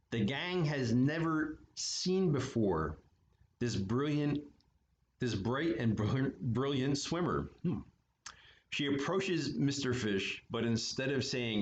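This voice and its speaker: A man reading a children's picture book aloud at story time, with relaxed, chatty asides. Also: mid-range voice, a little hiss or hum. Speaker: story time reader for an art studio. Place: art studio.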